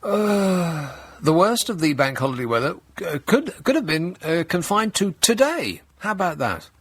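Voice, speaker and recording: A man's voice: on the high side, sing-song, moderate pace, a bit bright, breathy edge, no echo. A man hosting a talk radio show in a studio, reading the news with sarcastic, mock-outraged asides. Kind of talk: comedic talk radio monologue. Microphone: studio microphone.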